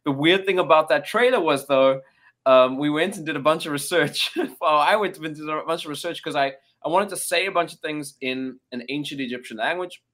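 Man, game developer guest, casual and rambling, medium pitch. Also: a bit bright. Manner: rambling, many fillers and restarts. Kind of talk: casual chat.

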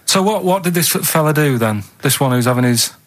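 Lively husky man, puzzled and stubborn. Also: fairly high pitch, fairly quick. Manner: puzzled, plain-spoken, stubbornly questioning. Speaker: radio show regular. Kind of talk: casual radio banter. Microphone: studio microphone.

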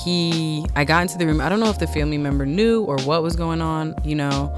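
A young woman hosting a podcast, telling a personal story in an animated, slangy, casual way. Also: low-pitched, a little fast, music in the background. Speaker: podcast host. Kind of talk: casual chat.

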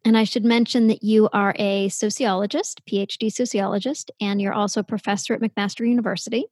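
A woman's voice: medium pitch, steady tone, a little fast, a little mellow, no room sound, studio quality. A woman hosting a podcast, introducing her guest in an upbeat, effusive way. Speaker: podcast host.

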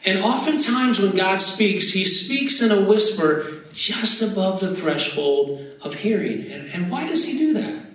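A man in his thirties preaching a sermon as pastor, conversational and animated, with asides and repeated words. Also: high-pitched, a little slow. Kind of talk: sermon with prayer. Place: church sanctuary. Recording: echoey hall, voice from a distance, faint ambience.

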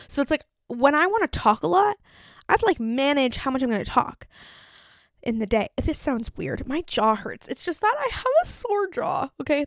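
Slightly high and fairly bright, her voice comes through a dry, clean studio recording. She's a young solo podcast host, chatty and full of "like" fillers as she performs her own thoughts aloud.

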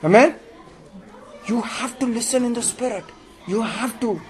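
High-pitched man preaching a sermon, emphatic, asks the congregation questions and draws their responses. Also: moderate pace, a little mellow. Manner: emphatic, with sudden jumps in pitch and volume.

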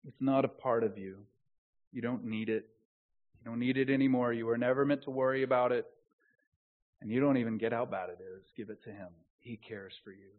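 A man preaching a sermon as a pastor, swinging from soft, close, earnest phrases to loud, slowed, emphatic proclamation. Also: medium pitch. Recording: tinny phone-like sound.

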